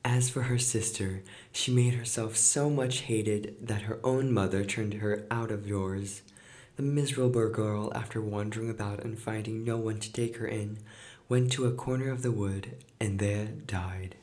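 Low-voiced man reading a fairy tale. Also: steady tone, moderate pace, darkish tone. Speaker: podcast host and reader. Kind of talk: storybook reading.

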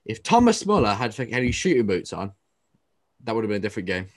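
A man's voice: on the low side, very animated, fast. A young man hosting a casual football chat podcast, teasing his co-host and swearing freely.

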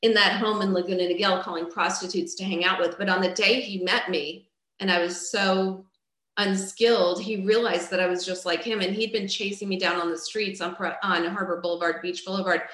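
A middle-aged woman telling her own life story as a personal testimony, candid and raw, moving from low and quiet to loud outbursts. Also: fairly even intonation, brisk. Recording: roomy echo.

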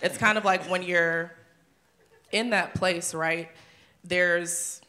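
A speaker in a relaxed Bible discussion who reads verses aloud and then riffs on them. The tone is playful, with little imagined scenes acted out along the way. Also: medium pitch, takes it slowly. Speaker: co-host of a church discussion show. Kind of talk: casual Bible study discussion and scripture reading.

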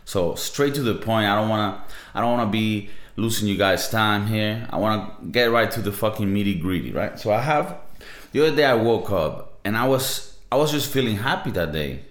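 A podcast host, young and with a Latin American Spanish accent, speaks at a moderate pace in a fairly low voice. His monologue is casual, profane, and slang-heavy, and the space around him echoes.

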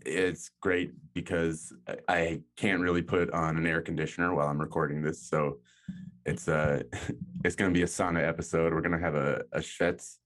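Deep-voiced man hosting a podcast, tipsy. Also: steady tone, moderate pace, a bit bright. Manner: rambling, joking, self-mocking. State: a little tipsy. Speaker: podcast host. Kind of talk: casual chat. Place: home, hot room without air conditioning.

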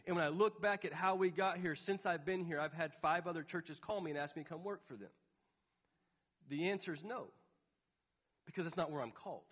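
A man's voice: fairly high pitch, a little fast, fairly bright tone, husky. Earnest man preaching in a reverberant hall. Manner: earnest, personal storytelling. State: tearful. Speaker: pastor. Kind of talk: sermon. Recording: dull recording, long hall reverb.

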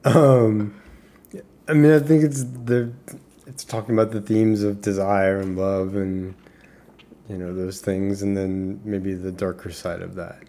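A man's voice: fairly low pitch, level tone, measured pace, mellow. A man co-hosting a podcast, chatting casually about music in an easygoing way, with short replies and laughs. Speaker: podcast co-host.

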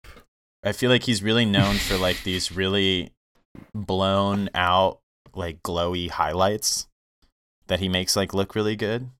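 A man's voice: sits low, steady tone, measured pace, fairly bright tone, clear, resonant tone. A man co-hosting a casual film podcast, enthusiastically listing a cinematographer's credits. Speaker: podcast co-host.

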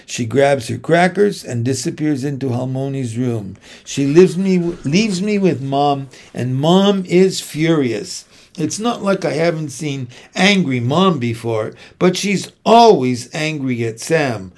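A man giving a measured, steady first-person audiobook narration. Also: a little high.

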